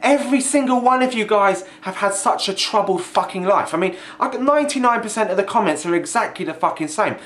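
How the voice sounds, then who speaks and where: A man's voice: high voice, animated, a little fast, few pauses, a bit bright, slight background noise. A young man ranting angrily in a vlog, sweary and mocking, sounding exasperated. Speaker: video ranter. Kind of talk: angry vlog rant.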